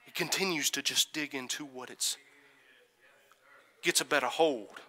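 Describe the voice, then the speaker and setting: A man preaching a sermon, moving from quiet storytelling to loud, fervent calls and asking the congregation for an "Amen". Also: mid-range voice, unhurried, pauses often, a little hiss or hum. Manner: builds from soft musing to shouted fervor, calls "Amen?".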